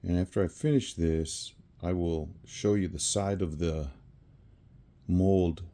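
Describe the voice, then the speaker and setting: In a home craft space with a tripod-mounted camera, a man works through a resin pour, speaking slowly in a low, steady, dark voice. His casual narration rambles, and he corrects himself and chuckles whenever he slips up.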